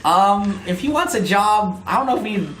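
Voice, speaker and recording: A man voicing a shy, eager teenage girl gorilla in a squeaky, high voice, with a roomy echo. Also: animated, normal speed, a bit bright. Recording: roomy echo, faint noise.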